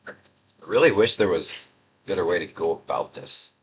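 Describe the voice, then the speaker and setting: A man's voice: low-pitched, lively intonation, moderate pace, husky. A young man doing casual, sarcastic gaming commentary, reading out chat messages in a rambling, mocking way. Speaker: gaming video creator.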